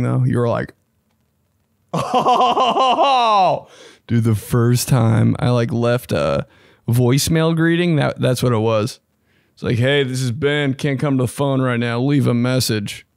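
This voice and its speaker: A young man hosting a casual podcast, talking loosely and profanely and jumping about in pitch. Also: gravelly, dry recording, studio quality. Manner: loose, profane and animated, with sudden jumps in pitch. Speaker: podcast host. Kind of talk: casual solo podcast chat.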